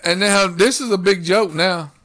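A man's voice: high-pitched, normal speed, a bit bright. A man in casual chat, telling a workplace story with heavy swearing and acted-out quotes.

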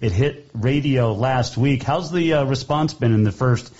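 A male radio host with a mellow, darker voice at a mid pitch talks to his guest in a relaxed, easygoing way. The audio is slightly dull and muffled. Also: unhurried. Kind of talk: radio interview.

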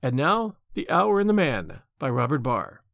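A man narrating a story podcast in an expressive storytelling manner. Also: on the high side, moderate pace, vocal fry, no room sound, clean studio sound, faint music behind. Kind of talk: scripted audiobook narration.

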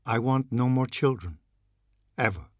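A curt, cold mother, played by a man reading aloud snaps short, clipped lines in a raised voice. Underneath is a husky male timbre in a dry, close recording. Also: mid-range voice, animated, measured pace, a little mellow, no room sound, pitched above the performer's own voice.

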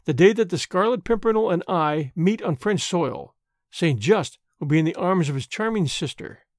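A smooth, sarcastic male agent, as a male narrator puts him on, full of quiet, mocking courtesy. He is pitched low against the narrator's usual voice. The storybook reading sounds close and dry. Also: expressive, normal speed, no room sound. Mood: sly. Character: sly, urbane, sarcastic male French agent.

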